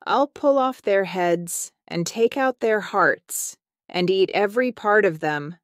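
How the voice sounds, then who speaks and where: A woman voicing a boastful male lion in a children's storybook, with a gruff, threatening delivery. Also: medium pitch, takes it slowly, no echo, studio quality, close to an everyday voice.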